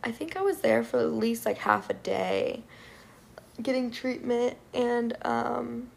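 Gravelly-voiced young woman ranting. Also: fairly high pitch, slow. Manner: frustrated, profane, filler-heavy with many "like"s. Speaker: vlogger. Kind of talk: casual storytime rant.

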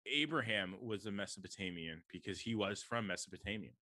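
A man's voice: fairly low pitch, fairly quick, pushed and bright, no echo. A young man from the American Midwest co-hosting a podcast, chatting casually and quizzing his co-host with jokes. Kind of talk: casual chat.

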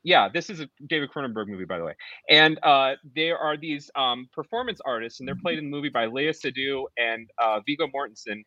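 A man's voice: medium pitch, animated, fairly quick, pushed and bright, no echo, muffled recording. A man co-hosting a podcast, giving a rambling, sarcastic movie review in casual chat. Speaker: podcast co-host.

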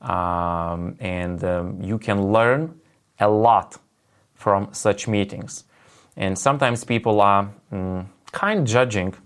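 A man with a Lithuanian accent hosting a livestreamed business meeting, speaking haltingly with many fillers and restarts. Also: on the low side, clear, resonant tone. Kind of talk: livestream pep talk.

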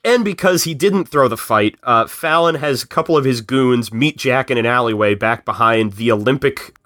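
A man recapping a film in casual podcast chat, telling it in an animated way and slipping into quick voices for the characters. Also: mid-range voice, no echo, clean studio sound.

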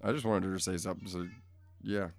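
A man's voice: low voice, fairly even intonation, fast talker, creaky. A man in a casual, profane rant to his viewers, blunt and crude, rambling and easily pulled off track, recorded at home. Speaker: vlogger. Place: home room.

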